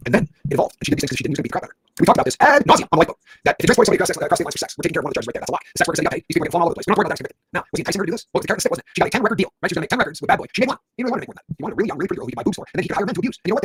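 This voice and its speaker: Man, middle-aged, livestream commentary, very fast, rambling, reads chat aloud. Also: fairly high pitch, a little hiss or hum.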